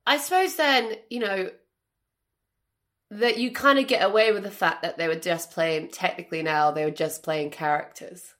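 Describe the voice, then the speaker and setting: A woman's voice: fairly low pitch, fairly even intonation, moderate pace, a bit bright. A woman hosting a casual film chat, rambling through questions and laughing often. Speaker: host.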